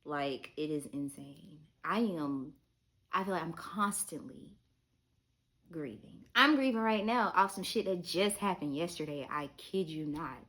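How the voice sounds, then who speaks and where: A young woman with a low voice talks straight to her camera, confiding and frank. She keeps it loose and personal and swears casually. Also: lively intonation, unhurried, fairly bright tone. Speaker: vlogger. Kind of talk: candid talk to camera.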